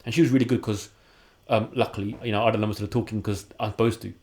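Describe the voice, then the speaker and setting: Fast-talking man in his forties. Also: fairly low pitch, steady tone, darkish tone. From London, England. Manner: casual, acts out quoted dialogue in his stories. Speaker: podcast guest. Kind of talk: candid personal storytelling.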